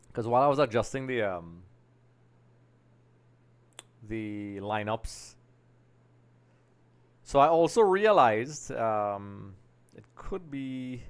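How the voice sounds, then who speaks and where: Trini guy doing a live match reaction stream, chatty, keeps talking to the folks watching. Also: medium pitch. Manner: chatty, keeps addressing viewers as folks, gets excited at chances.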